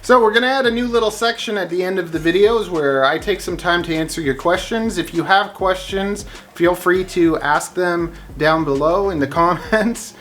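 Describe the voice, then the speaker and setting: A man's voice: high voice, normal speed, few pauses, fairly bright tone. A man hosting his reptile-breeding channel, explaining things in a friendly, chatty, practical way. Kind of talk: casual vlog explanation.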